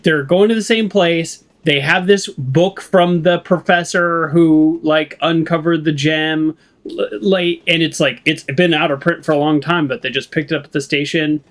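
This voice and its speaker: A let's play streamer with a West Coast American accent chats his way through a game, commenting as he plays. His voice is fairly high and his pace measured, and he rambles with lots of fillers and laughs.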